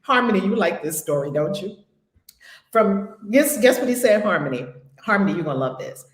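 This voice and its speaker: A woman's voice: medium pitch, animated, a little fast, roomy sound. A woman hosting a spiritual group call, talking in an exuberant, preacherly way with frequent laughter and repeated phrases. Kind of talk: casual inspirational talk.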